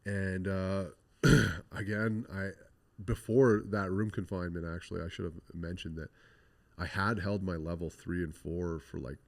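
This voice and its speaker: A man's voice: sits low, steady tone, measured pace, vocal fry. A man being interviewed, telling his own story in a frank, blunt way. He swears freely and retells scenes by quoting what people said. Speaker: interview guest. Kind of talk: candid conversational storytelling.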